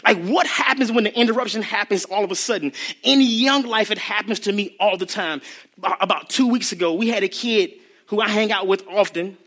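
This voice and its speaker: Bright, high-voiced preacher man. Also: fairly quick. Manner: animated, acts out bits, laughs. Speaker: youth ministry speaker. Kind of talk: sermon.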